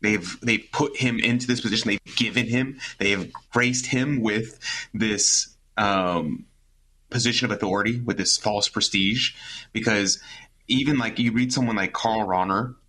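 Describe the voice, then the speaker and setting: Man, lowish voice, bright forceful tone, faint background noise. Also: measured pace, poor audio. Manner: emphatic, searching for words with fillers. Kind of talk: casual talk show discussion.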